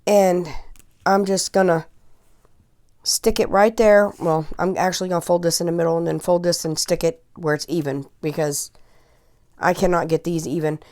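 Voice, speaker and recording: A woman's voice: fairly low pitch, steady tone, moderate pace, a little mellow. A woman in her forties giving a rambling, chatty sewing tutorial, often checking in with "okay?" and close to tears at times. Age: 40s. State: emotional, holding back tears. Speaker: crafting tutorial host. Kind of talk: casual how-to instruction.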